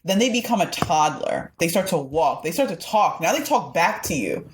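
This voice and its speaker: A woman's voice: fairly low pitch, very animated, moderate pace, slight background noise. A woman hosting a podcast, asking reflective questions in a casual, supportive way. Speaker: podcast host. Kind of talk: casual interview.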